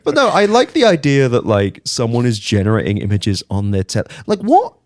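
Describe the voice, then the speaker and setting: A man's voice: mid-range voice, moderate pace, no echo, clean studio sound. Sardonic British man, swearing often. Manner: profane, sardonic, animated. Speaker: podcast host. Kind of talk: casual roundtable chat. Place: hotel radio booth.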